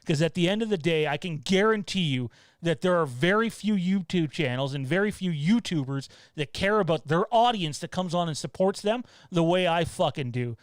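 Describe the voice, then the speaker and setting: A man's voice: fairly high pitch, lively intonation, normal speed, dry recording. A man hosting a casual livestream from home, rambling and blunt, turning heated with swearing. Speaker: show host.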